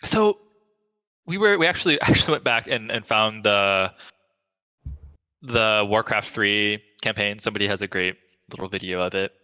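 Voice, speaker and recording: A man with a fairly low but sharp, forceful tone chats with a loose, joking manner. His voice carries a long reverberation around it. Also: normal speed, clean tone. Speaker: podcast co-host. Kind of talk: casual discussion of a game cinematic.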